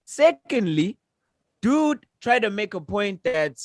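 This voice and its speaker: A man's voice: high voice, very animated, takes it slowly, dry recording, studio quality. A man co-hosting a casual podcast, telling a story in a heated, emphatic, profane way. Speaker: podcast co-host. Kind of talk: casual chat.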